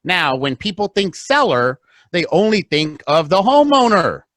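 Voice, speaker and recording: A man on a podcast, telling business stories in an animated way and acting out bits of dialogue. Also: measured pace, no room sound. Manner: animated storyteller, acts out dialogue, big swings in pitch. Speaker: podcast guest, real estate investor. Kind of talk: casual chat.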